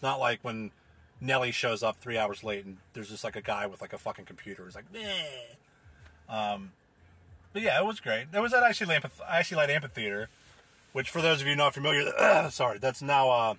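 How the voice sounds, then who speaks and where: Male music-show host, bright and a bit husky, loose rambling chat with cursing. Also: mid-range voice. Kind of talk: casual chat between songs.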